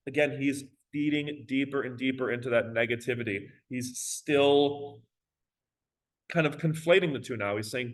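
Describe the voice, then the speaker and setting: A man's voice: medium pitch, moderate pace, poor audio. A male teacher giving a recorded lecture on a poem, talking casually with many fillers and reading verse aloud with drama.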